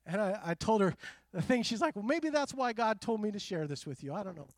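A middle-aged man preaching a conversational sermon, animated and full of quoted asides. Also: high-pitched, brisk, no room sound, clean studio sound. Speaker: pastor.

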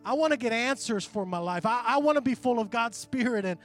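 A middle-aged man preaching a conversational sermon, animated and full of quoted asides. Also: very high voice, brisk, soft background music. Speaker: pastor.

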